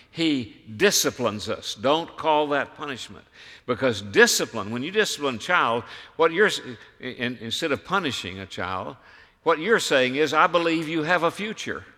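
A man preaching a sermon as a pastor, emphatic, firing rhetorical questions and swinging from hushed to loud. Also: mid-range voice, big-room sound. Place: church sanctuary.

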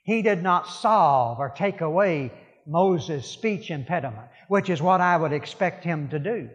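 Male preacher, conversational and emphatic, slightly high voice, long reverb. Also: animated, measured pace, muffled recording. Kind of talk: sermon.

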